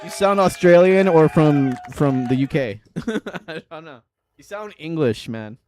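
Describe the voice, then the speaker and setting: A man's voice: on the high side, expressive, unhurried, darkish tone. American man, casual joking streamer. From United States. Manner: loose, jokey, swears freely, laughs often. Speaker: livestream host playing song requests. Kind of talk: casual chat to a live chat audience.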